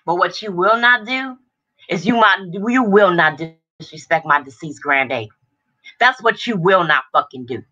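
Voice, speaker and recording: A woman's voice: fairly low pitch, animated, normal speed, sharp tone, dull audio. A middle-aged woman hosting a livestream, ranting in furious, profane confrontation, agitated and overheated, and repeating her lines for emphasis. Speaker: livestream host. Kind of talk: angry livestream rant.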